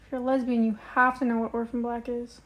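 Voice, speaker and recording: A woman's voice: fairly high pitch, level tone, fast, fairly bright tone. A young woman chatting casually on a livestream, reading and answering viewer comments in a rambling way with lots of fillers. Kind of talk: casual live-stream chat.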